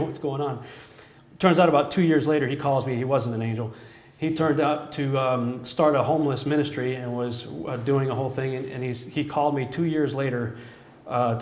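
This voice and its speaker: A man giving an earnest personal testimony as a sermon, telling his story with frequent chuckles. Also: medium pitch. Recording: echoey room.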